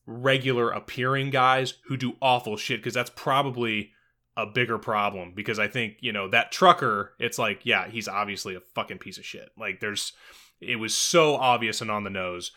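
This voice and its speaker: A man co-hosting a casual podcast about a movie, animated and profane, laughing often. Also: mid-range voice, moderate pace. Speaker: podcast co-host. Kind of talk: casual film discussion.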